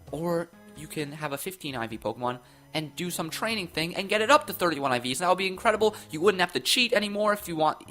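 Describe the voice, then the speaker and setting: A young man casually commenting on game news, rambling and excitable, often restarting his sentences into his own microphone. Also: a little high. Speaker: gaming YouTuber. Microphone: own desk microphone.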